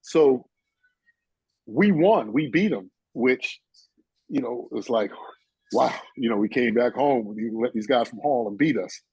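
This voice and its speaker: A man's voice: mid-range voice, lively intonation, measured pace, darkish tone, husky, no echo, poor audio. A man in his sixties from New York, a guest telling rambling stories full of "you know" and "uh". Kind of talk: casual storytelling chat.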